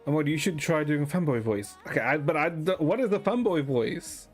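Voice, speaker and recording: Deadpan streamer guy, lively pitch. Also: brisk, faint music behind. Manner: deadpan, swearing, rambling. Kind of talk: casual chat with viewers.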